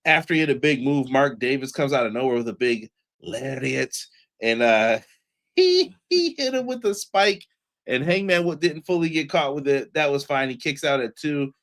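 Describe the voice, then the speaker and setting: Slangy, animated wrestling reviewer man. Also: mid-range voice, moderate pace. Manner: slangy, animated, laughs often. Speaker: podcast co-host. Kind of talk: casual wrestling show review.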